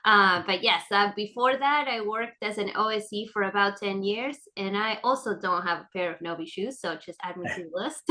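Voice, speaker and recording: A woman's voice: mid-range voice, moderate pace, sharp tone. A woman introducing herself as a customer success manager, upbeat and friendly. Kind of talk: casual panel chat.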